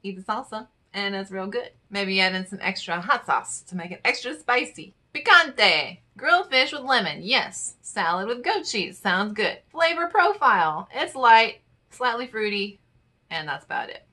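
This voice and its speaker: A woman's voice: mid-range voice, big pitch swings, moderate pace, pushed and bright. A woman vlogger chatting casually and playfully as she reads wine charts aloud, with muttered asides. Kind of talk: casual chat reading infographics aloud.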